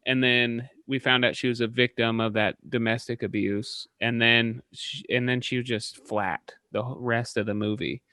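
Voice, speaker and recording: A man's voice: medium pitch, level tone, normal speed, hardly any pauses, bright, forceful tone, clear, resonant tone, dry recording, studio quality. Rambling male podcast co-host. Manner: rambling, restarts often. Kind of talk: casual film discussion.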